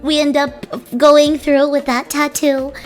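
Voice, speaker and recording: A young woman with a high, bright voice chats to her stream audience in a casual, animated way. She giggles often and trips over her words, restarting sentences as she tells the story. Soft music plays underneath. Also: a little slow. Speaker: VTuber streamer.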